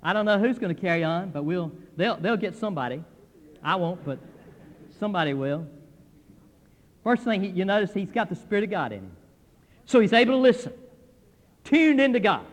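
An older male pastor preaching a folksy, animated sermon, acting out what church members tell him. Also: sits high, brisk, long pauses. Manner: folksy, animated preaching with quoted voices and laughs. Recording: long hall reverb.

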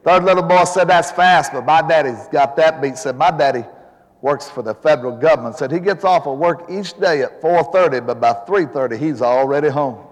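A man's voice: fairly high pitch, normal speed. A man in his seventies, an evangelist preaching a sermon in a church, telling folksy jokes before building to fervent preaching. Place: church sanctuary. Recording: long hall reverb.

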